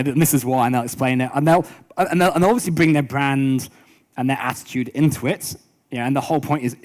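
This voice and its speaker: A young man leads a business workshop, moving quickly from one story to the next. He talks at a brisk clip in a middle-pitched voice. He stumbles and restarts often, with plenty of fillers. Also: darkish tone. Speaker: business coach. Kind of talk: workshop talk with anecdotes.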